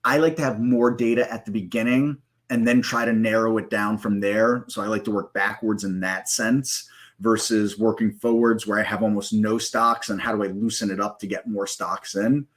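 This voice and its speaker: Man, low voice, casual live-stream walkthrough, rambling, stops to correct himself. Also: little pitch movement, normal speed, a bit bright. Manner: loose, rambling, with many fillers and self-corrections. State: hiccups. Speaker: live trading room host.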